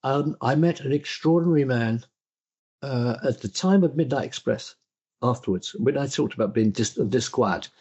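An older man with a husky, slightly breathy voice speaks as a guest in a conversation. He tells his stories thoughtfully and often stops to restart a sentence. His self-deprecating asides keep the tone modest. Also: medium pitch, moderate pace, darkish tone, lo-fi sound. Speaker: interview guest. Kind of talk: reflective conversational storytelling.

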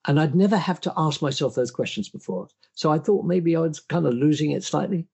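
A man's voice: a little high, animated, brisk, gravelly, a little mellow, husky. An older man, an interview guest, reflecting on his career in a thoughtful, self-deprecating way, often restarting his sentences. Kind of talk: reflective conversational storytelling.

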